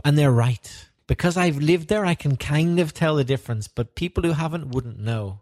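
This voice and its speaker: A man co-hosting a podcast who explains things in a relaxed, thoughtful way. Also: a little high, fairly quick, few pauses. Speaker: podcast co-host. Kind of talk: conversational podcast chat.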